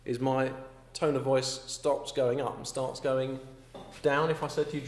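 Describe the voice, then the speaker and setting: A man's voice: medium pitch, little pitch movement, a little slow. A man teaching an astronomy class, explaining step by step and often checking with "okay?". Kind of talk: classroom lecture. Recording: echoey classroom with faint hum.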